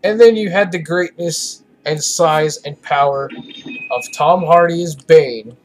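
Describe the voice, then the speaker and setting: Slow-talking rambling gamer guy. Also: a little high. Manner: rambling, profane, opinionated. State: tired. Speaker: let's play gamer. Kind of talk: casual gameplay commentary.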